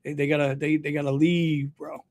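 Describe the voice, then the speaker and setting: A man's voice: on the high side, little pitch movement, normal speed, a little mellow. A man hosting a casual livestream chat, loose and jokey, throwing in "bro" and laughing often. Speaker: host.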